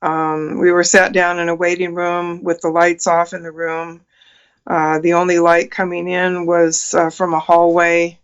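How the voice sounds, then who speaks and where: A woman's voice: on the low side, flat delivery, unhurried, smooth, dull audio. A woman in her sixties, a guest on a talk show, earnestly recounting a personal experience with many fillers and restarts. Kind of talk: telling a personal story in an interview.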